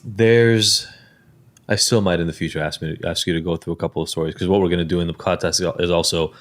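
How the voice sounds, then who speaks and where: Deep-voiced male podcast host. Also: fairly even intonation, fast. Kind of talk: casual chat.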